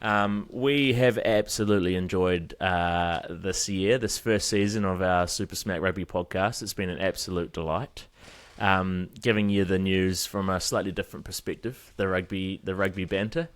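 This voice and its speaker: A man's voice: deep voice, fairly even intonation, moderate pace, few pauses. A man co-hosting a rugby podcast in casual banter, rambling with plenty of fillers. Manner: rambling, filler-heavy, chuckling. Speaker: podcast co-host.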